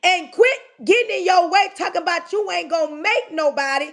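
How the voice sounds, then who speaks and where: A woman with an extremely high, gravelly and fairly bright voice hosts a livestream, speaking animatedly and a bit fast. Her motivational talk is emphatic, preachy and repetitive, and she calls out directly to her listeners.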